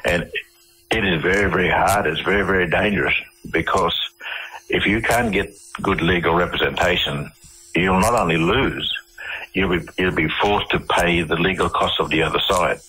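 A man with an Australian accent, a guest on a radio show, telling his stories in a halting way full of restarts and fillers. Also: deep voice, pushed and bright, husky, poor audio. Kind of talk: casual interview storytelling.

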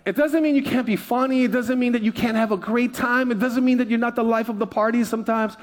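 High-voiced animated male pastor. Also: quick pace. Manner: animated storyteller, self-deprecating, laughing often. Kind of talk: sermon with personal stories.

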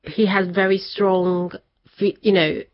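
A woman, a guest telling a personal story in an interview, animated and laughing often. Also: medium pitch, slow, highs cut off. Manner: animated, laughs often, acts out family members' words.

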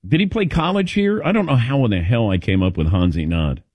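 A middle-aged man from the Midwest hosting a sports radio show, telling stories with animated, laughing delivery. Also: medium pitch, fairly quick, husky, dry recording. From American Midwest. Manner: lively storytelling with laughs. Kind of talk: casual sports radio banter.

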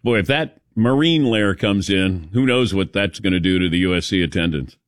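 A man's voice: low-pitched, expressive, normal speed, no room sound, studio quality. A man hosting a sports talk show, chatting loosely and laughing at his own stories. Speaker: sports talk radio host.

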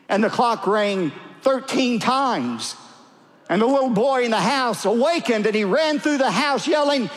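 A middle-aged male pastor preaching a sermon in a large church, emphatic and building to loud cries. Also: sits high. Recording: long hall reverb.

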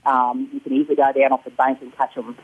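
A man's voice: mid-range voice, little pitch movement, fast talker, breathy edge. A man with an Australian accent giving a casual fishing report as a caller, rambling with many ums and uhs. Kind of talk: casual radio phone chat. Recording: tinny phone line.

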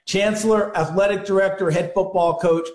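A man's voice: high voice, fairly even intonation, normal speed, roomy sound. A man speaking as a football analyst guest on a sports radio show, telling stories in an emphatic way. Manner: storytelling, emphatic.

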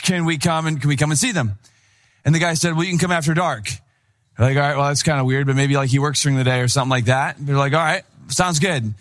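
A man's voice: on the high side, fairly bright tone. A young man from Wisconsin, a pastor, preaching a sermon that opens with a casual personal story full of acted-out dialogue.

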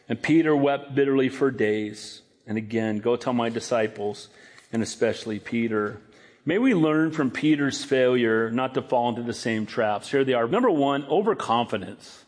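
A middle-aged man preaching a sermon, animated, acting out quoted lines in a raised voice. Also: mid-range voice. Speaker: pastor.

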